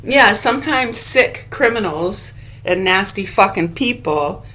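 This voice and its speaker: A woman's voice: medium pitch, animated, unhurried, sharp tone. A woman vlogging straight to camera in a blunt, profane rant with rambling casual asides.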